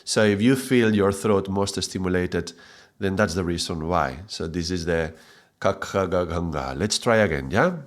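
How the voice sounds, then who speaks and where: A man with a low voice teaches a mantra chanting lesson. He patiently explains the sounds and chants drawn-out syllables.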